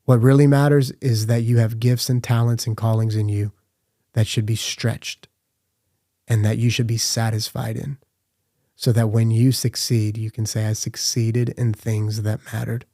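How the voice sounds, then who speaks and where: Man, podcast host, earnest devotional speaker; warm tone, dry close mic, mid pitch. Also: flat delivery, moderate pace, no echo. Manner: earnest, repetitive questioning.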